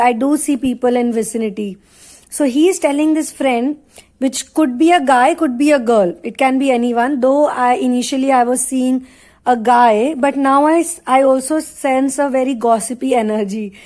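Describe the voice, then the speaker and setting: A woman's voice: on the high side, a little mellow. A woman giving a spiritual channeling reading as a tarot reader, talking in a rambling way with many asides.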